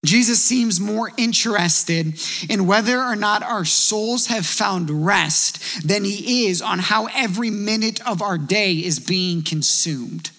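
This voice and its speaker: High, bright-voiced male preacher. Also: slow pace, long reverb tail. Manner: conversational, animated storytelling with acted quotes. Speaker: pastor. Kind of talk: sermon.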